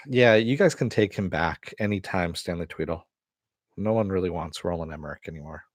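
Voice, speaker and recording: A man's voice: deep voice, no room sound. A middle-aged man hosting a casual live stream, rambling and swearing as he answers viewers. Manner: rambling, profane, restarts often. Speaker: host.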